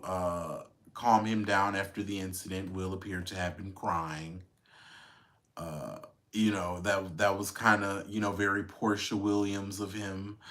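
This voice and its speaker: A man's voice: lowish voice, a bit bright. A man hosting a podcast, chatting casually and wryly about celebrity news. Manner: chatty and wry, with lots of fillers and laughs. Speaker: podcast host. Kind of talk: casual gossip commentary.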